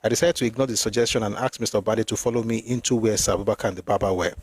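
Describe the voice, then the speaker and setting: A man's voice: fairly low pitch, fairly even intonation, slightly rough, no room sound. Man reading history aloud. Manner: reads steadily, pauses to comment and reread. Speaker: history channel host. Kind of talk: reading a memoir aloud with commentary.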